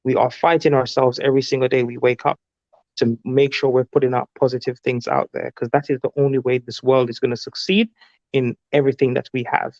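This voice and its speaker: Motivational guy on a stream panel, slow and earnest, kinda muffled dry sound. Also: mid-range voice, a little mellow, no echo. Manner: earnest, deliberate, preaching. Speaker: panel guest. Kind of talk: motivational talk.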